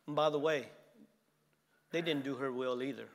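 A man's voice: mid-range voice, moderate pace, in a large hall. A man preaching a sermon with an emphatic, repetitive cadence.

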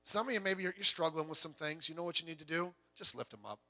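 Fast and expressive, a male pastor delivers his sermon in a bright, forceful, high voice. He chats with the congregation, tossing out rhetorical questions and the occasional joke.

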